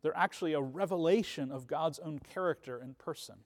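A man teaching a church class on the commandments in a conversational way, often asking "right?" and pausing with ums. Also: a little high. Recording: reverberant hall.

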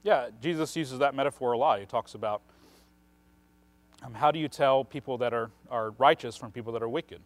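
A man's voice: mid-range voice, fairly quick, no room sound. Man explaining scripture, tagging "right?". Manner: explains at length, often adds a questioning "right?". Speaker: Bible teacher. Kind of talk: conversational Bible teaching.

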